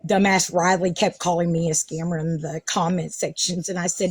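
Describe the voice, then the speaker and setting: A woman's voice: on the low side, flat delivery, moderate pace, breathy edge, no room sound. A woman hosting a casual live stream, ranting defensively and sarcastically, swearing often. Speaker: livestream host.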